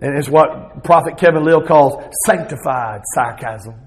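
Southern US male pastor, middle-aged, high pitched, expressive sermon delivery. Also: unhurried, rough recording. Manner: expressive preaching, voicing Jesus in bursts.

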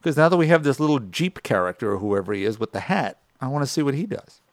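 A man's voice: medium pitch, expressive, quick pace, no echo, clean studio sound. Wry, amused podcast man. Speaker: podcast co-host. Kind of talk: casual chat.

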